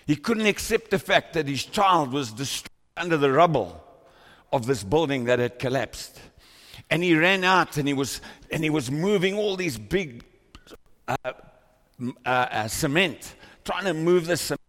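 A man's voice: a little high, expressive, normal speed, fairly bright tone, long reverb tail. A man preaching a sermon to a congregation, praying and storytelling with fervent, rising intensity. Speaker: pastor. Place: church hall with congregation. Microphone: microphone on a stand.

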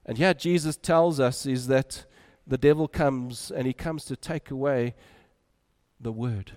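A man preaching a sermon, moving between loud urging and quiet, soft drops. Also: medium pitch, a little slow.

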